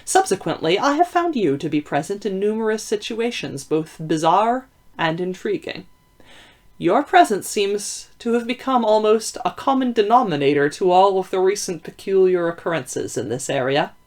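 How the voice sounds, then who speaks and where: A woman reading aloud, voicing a shrewd, formal Victorian male detective with measured, deliberate speech. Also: medium pitch, lively intonation, darkish tone, close to an everyday voice. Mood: probing. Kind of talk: audiobook reading.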